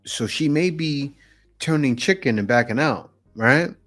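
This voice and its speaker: A man's voice: mid-range voice, expressive, measured pace, a bit bright, faint music behind. A man hosting a reaction video, giving casual, skeptical commentary on clips and laughing along.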